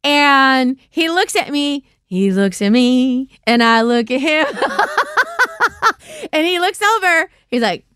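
A woman in her thirties hosting a podcast, chatting casually through live questions and telling stories, acting out quotes with sudden leaps in pitch. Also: animated, slow, a bit bright, clear, resonant tone, dry recording, clean studio sound. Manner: chatty storyteller, acts out quotes with big pitch jumps. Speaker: podcast host.

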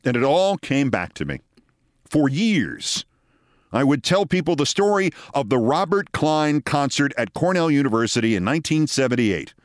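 A man in his sixties hosting a show, telling a story in a measured, dramatic way with wry asides. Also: medium pitch, very animated, no room sound, studio quality. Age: 60s. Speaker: host. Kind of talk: storytelling monologue.

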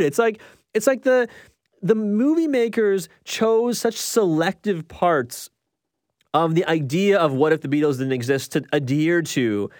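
A man's voice: fairly high pitch, animated, unhurried, dry recording, clean studio sound. A man giving a casual, rambling movie review, often restarting his sentences. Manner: rambling, restarts a lot, chatty. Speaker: film reviewer.

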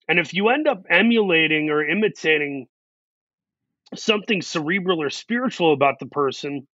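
Earnest bright-voiced man, dull dry sound. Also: on the high side, no room sound. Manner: earnest, reflective, talks in long run-on thoughts. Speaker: actor, guest. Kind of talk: casual interview talk.

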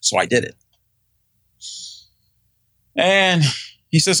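A gravelly-voiced middle-aged man rambles through a personal story, full of fillers and restarts. He slips into the voices of the people he quotes. The sound is close and dry, with no room around it. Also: medium pitch, lively intonation, normal speed, a bit bright, no room sound. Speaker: guest telling his story. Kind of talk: casual storytelling.

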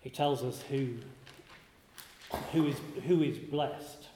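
A man gives a contemplative spiritual talk in a mellow, unhurried voice. He pauses often and restarts his phrases as he reflects. His words ring out with the long echo of a large room. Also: mid-range voice, steady tone, slight background noise. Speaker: speaker giving a spiritual talk. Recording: roomy hall with long reverb.

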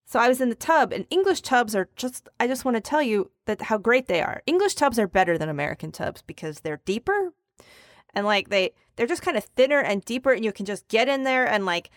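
Higher-voiced woman telling stories, dry sound. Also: a little fast, no room sound. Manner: animated, profane storytelling. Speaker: podcast co-host. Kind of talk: casual chat.

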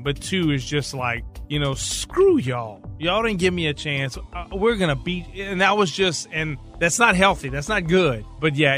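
A man in an interview tells an old football story, animated and tripping over his words when he gets worked up. His voice is a little high for a man, and music runs beneath it. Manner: animated, restarts and stumbles when emotional. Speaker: former quarterback, interviewee. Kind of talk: interview recollection.

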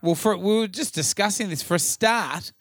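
A man's voice: high-pitched, normal speed, a bit bright, no room sound. Aussie guy cracking crude jokes on a podcast, dry close mic. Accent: Australian. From Australia. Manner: crude, swearing, joking banter. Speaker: podcast co-host. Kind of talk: casual chat.

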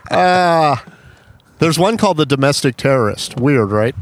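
A man co-hosting a podcast, chatting casually and telling stories with bursts of excitement. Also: takes it slowly, a little hiss or hum. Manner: animated storyteller, jumps to high excited pitch. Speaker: podcast co-host. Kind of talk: casual chat.

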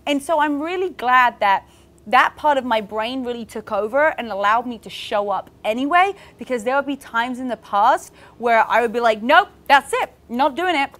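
A woman's voice: fairly high pitch, moderate pace, a bit bright. A woman hosting a podcast, talking casually and candidly to her listeners and encouraging them, with many "like" fillers. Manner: encouraging, speaks to listeners directly. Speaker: podcast host. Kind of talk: casual motivational podcast talk.

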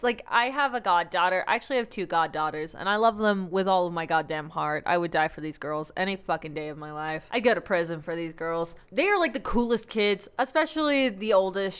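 Smooth-voiced profane woman podcaster. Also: mid-range voice. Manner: profane, animated storyteller who acts out quoted voices. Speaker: podcast co-host. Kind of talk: casual chat.

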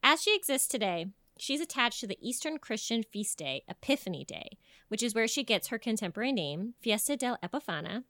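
With a fairly high-pitched voice and a brisk pace, a young woman co-hosting a podcast tells folklore in a casual, joking manner, swearing freely and staying animated. The audio is dry and studio quality.

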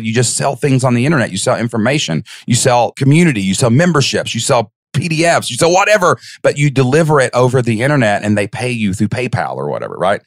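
A man guest on a podcast, telling his story in an excited, animated way, with big jumps in pitch when he acts out what people said. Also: fast, hardly any pauses, dry recording, clean studio sound.

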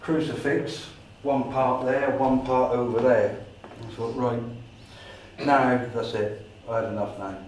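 Englishman at a society meeting, animated storyteller who acts out his own dialogue, heard from far off in an echoey room. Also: mid-range voice, a little slow, a little hiss or hum. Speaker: paranormal investigator giving a talk.

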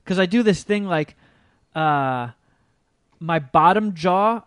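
Casting: male podcast host, slightly high voice, dry close sound, loose rambling storyteller who swears freely. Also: clear, resonant tone, no room sound. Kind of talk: casual chat.

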